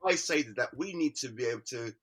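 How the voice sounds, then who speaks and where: A man's voice: medium pitch, expressive, fast, fairly bright tone, breathy edge. A man, an artist, talking candidly as an interview guest, emphatic, repeating words and restarting his sentences.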